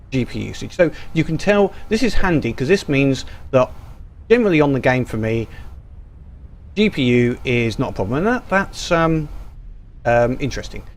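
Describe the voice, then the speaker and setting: A man giving casual, rambling gameplay commentary full of ums and restarts, recorded over a screen capture. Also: medium pitch. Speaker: gaming YouTuber.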